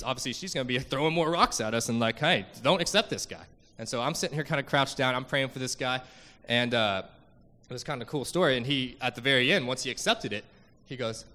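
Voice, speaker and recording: A man's voice: medium pitch, sharp tone, big-room sound. A young man giving an earnest, emotional church testimony about a mission trip, full of fillers and restarts.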